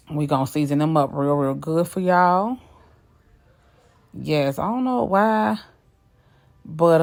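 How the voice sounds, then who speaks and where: A young woman with a low voice narrates her cooking video in a loose, chatty voice-over. She talks straight to her viewers as y'all and throws in sassy asides. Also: darkish tone.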